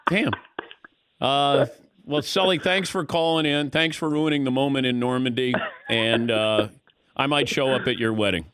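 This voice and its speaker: Man, sports radio host, animated storyteller, dry close mic. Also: mid-range voice, normal speed, smooth, no echo. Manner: animated storyteller, acts out dialogue. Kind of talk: casual talk radio chat. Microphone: studio microphone.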